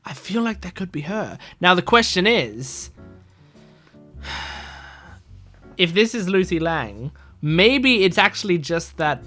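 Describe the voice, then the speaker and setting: A man's voice: sits high, very animated, slow, pauses often, bright, forceful tone, soft background music. A man casually playing a mystery game, reading its text aloud and rambling through side stories. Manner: rambling, full of fillers and restarts.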